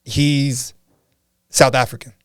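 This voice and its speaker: A man co-hosting a casual podcast, talking in an animated way and jumping in to act out quotes. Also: mid-range voice, slow pace, clean tone, no room sound, studio quality. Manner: animated, jumps in, acts out quotes. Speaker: podcast co-host. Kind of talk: casual chat.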